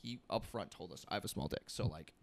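A man's voice: low-pitched, lively intonation, quick pace, creaky, a crowd in the background. A young man in casual chat, telling a story with lots of swearing and filler words.

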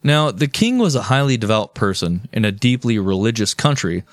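Lowish guy telling history on a podcast, swears a lot, dry close sound. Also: animated, moderate pace, no room sound. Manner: profane, jokey storytelling. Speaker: podcast host. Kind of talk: casual history podcast chat.

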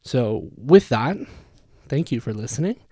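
A man's voice: medium pitch, sing-song, a little slow, warm tone, dry recording, clean studio sound. A man hosting a casual podcast about learning languages, chatty and self-deprecating, who demonstrates sounds aloud as he explains them. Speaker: podcast host.

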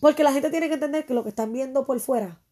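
A middle-aged woman with a high voice chats casually, moving back and forth between English and Spanish. She talks with animation and acts out little scenes from home. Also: racing, dark tone. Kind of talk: casual bilingual chat.

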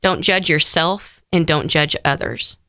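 A woman tells her story to an interviewer, heartfelt and full of fillers. Her voice is bright and clear, a little lower than most, and recorded close and dry. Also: unhurried, dry recording. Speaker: interview guest. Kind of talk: personal story in conversation.

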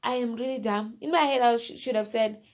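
A woman's voice: fairly high pitch, steady tone, a little fast, darkish tone. A woman casually telling a personal story, rambling and repeating herself, often turning to the listener directly. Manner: rambling, repeats phrases and fillers.

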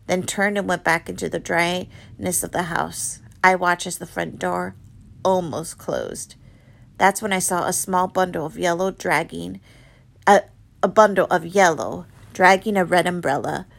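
A woman reading a novel aloud, with dramatic storytelling that turns soft and hushed in quiet passages. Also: on the low side, creaky. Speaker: reader.

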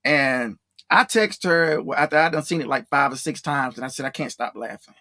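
A podcast host chatting casually, animated and laughing a lot, with drawn-out exclamations. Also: medium pitch, no room sound. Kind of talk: casual chat.

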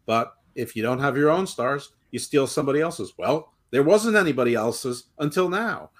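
A man's voice: mid-range voice, expressive, moderate pace. Guy on a podcast arguing his point, long emphatic explanations. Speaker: podcast co-host. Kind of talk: casual debate.

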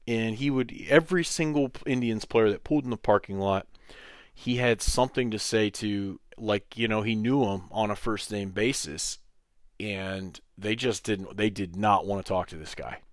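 A man with a fairly low voice tells a casual story for his podcast. He gets animated and jumps up in pitch when he quotes other people. The sound is dry and close, with no room echo. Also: normal speed. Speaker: podcast host.

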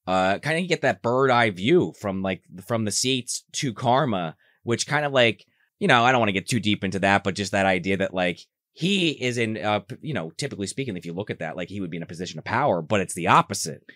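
A man's voice: fast, dry recording, studio quality. A man in casual chat about a show, swearing freely and mimicking characters. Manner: animated, swears, mimics characters in high voices.

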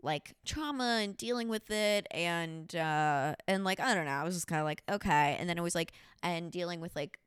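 A woman hosting a casual podcast, telling a story in a blunt, profane, animated way. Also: fairly low pitch, moderate pace, hardly any pauses, clean tone, dry recording, studio quality. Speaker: podcast host.

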